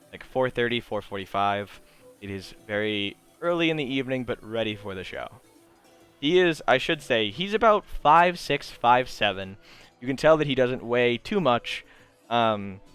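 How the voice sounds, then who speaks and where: Guy running a tabletop game, laid back, lots of ums, smooth clear voice, quiet music under it. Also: on the low side. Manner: relaxed, many fillers, chuckling. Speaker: game master.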